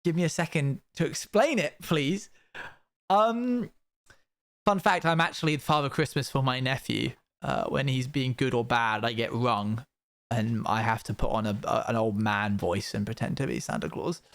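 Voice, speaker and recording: A man's voice: mid-range voice, normal speed, fairly bright tone. A young man chatting casually as a streamer, reacting to a video with wry, rambling commentary.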